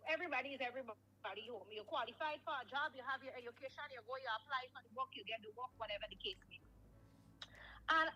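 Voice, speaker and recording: A woman's voice: sits high, fast talker, sharp tone, husky, poor audio. A woman calling in to a radio talk show, speaking emphatically and lecturing listeners. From Grenada.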